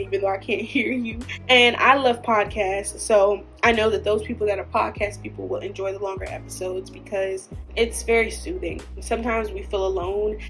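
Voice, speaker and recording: A woman hosting her own podcast, talking earnestly and emotionally, tearful at times. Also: mid-range voice. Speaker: podcast host. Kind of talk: heartfelt solo podcast talk.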